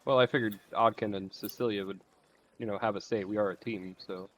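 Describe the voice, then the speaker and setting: A man's voice: on the low side, steady tone, brisk, muffled recording, slight background noise. A man playing a tabletop game, chatting bluntly with his group about their plans. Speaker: player. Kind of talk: casual chat at a game table.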